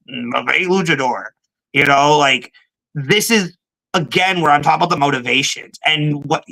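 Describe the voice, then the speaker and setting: A podcast co-host giving quick, opinionated takes on wrestling booking. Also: medium pitch, a bit bright, low-quality recording. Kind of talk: casual wrestling podcast talk.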